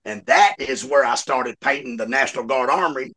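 A man's voice: mid-range voice, a little fast. A man telling a jail story as a guest, swearing freely and laughing as he talks. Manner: animated, swears a lot, laughs mid-story. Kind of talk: casual storytelling.

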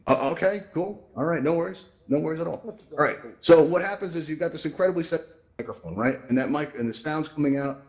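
This man's voice sits a little high with a darkish tone, coming through a VR headset mic. Hosting and presenting a VR tech event in a virtual event space, he gives a casual spoken tutorial on fixes, chatty and upbeat, and keeps asking "right?"

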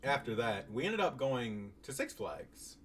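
A young man in college telling a story about his own past in a casual, animated, self-mocking way, swearing freely. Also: mid-range voice, measured pace. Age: young adult. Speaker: YouTuber. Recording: distant mic, faint guitar music behind.

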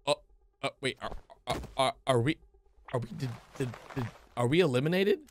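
A man's voice: medium pitch, lively intonation, moderate pace, slight background noise. A man hosting a reaction video, exclaiming and gasping as he talks to viewers. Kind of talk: excitable reaction commentary.

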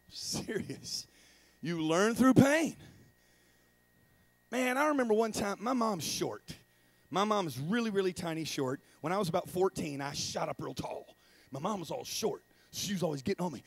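High-pitched, animated male preacher. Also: normal speed, dry recording. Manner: animated, acts out voices with loud shouted bursts and laughter. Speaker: traveling evangelist. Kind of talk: comedic sermon storytelling. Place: church.

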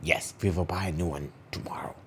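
A man's voice: low voice, steady tone, fairly quick, a bit bright, a little hiss or hum. A man voicing a pompous male mad scientist in a bedtime story, bossy and declaring plans.

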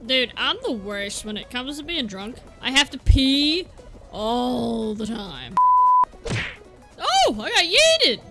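A young woman streaming a kart racing game while tipsy, giggling, shouting and rambling with silly sound effects. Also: fairly high pitch, expressive, takes it slowly. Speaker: gaming streamer. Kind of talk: drunk livestream commentary. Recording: loud game music behind.

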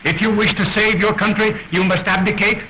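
A solemn, insistent rebel doctor with a bright, forceful tone. His voice sits a little high, and he speaks with formal gravity. A faint hiss from an early 1930s film soundtrack runs under him. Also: fairly even intonation, a little fast, low-quality recording. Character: earnest, grave rebel leader, a doctor.

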